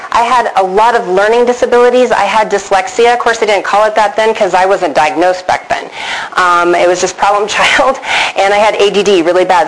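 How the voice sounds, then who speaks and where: Animated woman telling a personal story. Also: medium pitch, slight background noise, low-quality recording. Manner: animated, engages the audience with questions. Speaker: speaker addressing an audience.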